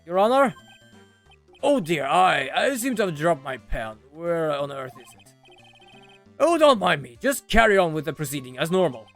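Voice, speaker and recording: A man's voice: sing-song, moderate pace, vocal fry, faint music behind. A man voicing an absent-minded, flustered old judge in a fussy, raised voice. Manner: fussy, louder and higher than his own talk.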